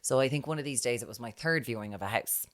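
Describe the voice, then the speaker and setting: A woman with an Irish accent, co-hosting a podcast in casual chat and telling stories in a lively, chatty way. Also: a bass voice, fast talker. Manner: chatty storyteller, drops to hushed tones when retelling. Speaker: podcast co-host.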